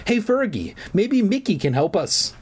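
A man's voice: high voice, very animated, a little slow, breathy edge, pitched above the performer's own voice, full character voice. Itchy, hungry boy-turned-dog, as a man reads him. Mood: hopeful. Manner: pleading, restless.

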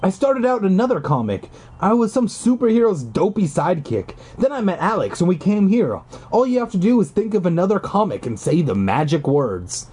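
A man's voice: high-pitched, very animated, fairly quick, hardly any pauses, a little mellow, slightly rough, heavily acted. A man voicing a whiny schoolboy sidekick in a storybook, explaining in a nasal-whiny tone. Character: whiny schoolboy Wally, know-it-all sidekick.

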